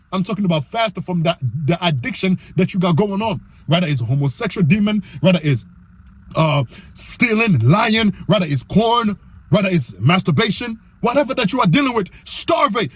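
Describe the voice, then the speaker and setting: Male YouTuber preacher, high and husky voice, emphatic and repetitive, reads verses slowly. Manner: animated and emphatic, often asks "you know what I'm saying?"; reads scripture aloud slowly in old-style wording. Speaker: YouTuber giving faith-based self-control advice. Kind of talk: preachy motivational monologue.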